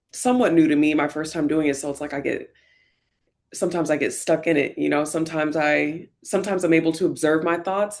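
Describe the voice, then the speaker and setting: A woman vlogger talking candidly and reflectively while getting ready, often using fillers and sometimes close to tears. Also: low-pitched. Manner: reflective, soft-spoken, many fillers; emotional, near tears at times. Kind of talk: candid get-ready-with-me talk.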